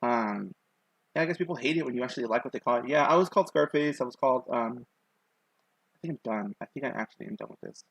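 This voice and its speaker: A man's voice: medium pitch, lively intonation, fast talker, creaky, slightly rough, no room sound. A young man streaming himself sketching, rambling in casual chat with his viewers and filling gaps with lots of ums and likes. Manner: rambling, many fillers, chatting to viewers. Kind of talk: casual chat while drawing.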